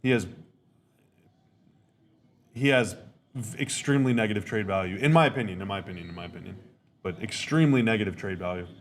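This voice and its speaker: A podcast host with a fairly low voice speaks fairly quickly but pauses often, with slight background noise. He reacts casually and live to a game, rambling, repeating himself and giving blunt opinions.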